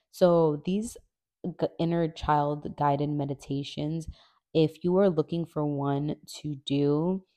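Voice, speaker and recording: A woman's voice: low-pitched, warm tone. A young woman hosting a podcast, talking casually and emotionally, often saying "like". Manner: emotional, confessional, uses filler "like". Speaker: podcast host. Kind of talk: casual solo podcast talk.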